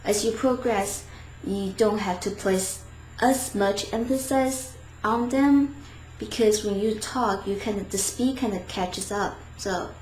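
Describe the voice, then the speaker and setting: In a casual video lesson, a language teacher with a mid-range, slightly mellow voice talks in a chatty, hesitant way, often correcting herself. She's in an echoey room with faint background noise.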